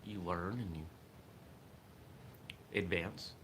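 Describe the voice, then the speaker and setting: The host of a martial arts morning show speaks in a deep voice with fairly even intonation and a slow pace. He thinks aloud reflectively during his casual morning livestream, with background noise behind him.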